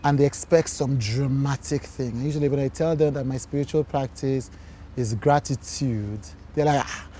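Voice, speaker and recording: A man hosting an interview, gentle and affirming, reflecting thoughtfully to close. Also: mid-range voice, moderate pace, a little hiss or hum. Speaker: host.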